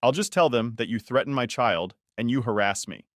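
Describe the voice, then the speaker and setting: A man voicing an entitled middle-aged mother who talks down to people and turns shrill when angry. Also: brisk, a bit bright, dry recording, studio quality, natural voice. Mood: indignant.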